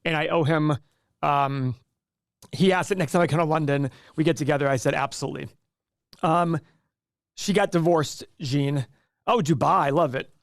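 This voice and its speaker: A man's voice: a little high, normal speed, long pauses, no echo, studio quality. A man in his forties hosting a casual livestream, chatting loosely and reading viewer comments aloud. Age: 40s. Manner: chatty, rambling, reads chat aloud. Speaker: livestream host.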